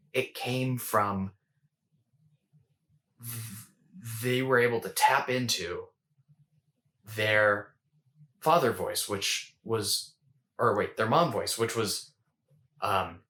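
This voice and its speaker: A man's voice: fairly low pitch, fairly bright tone. A man hosting a casual coaching talk, conversational and repetitive, often checking in with "right?". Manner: conversational, repeats words and rhetorical "right?". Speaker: host.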